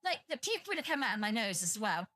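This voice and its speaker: A woman's voice: on the high side, very animated, fast, pushed and bright, no room sound. A young British woman streaming live, chatting to viewers in a blunt, profane, rambling way and sounding tired. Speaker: livestreamer.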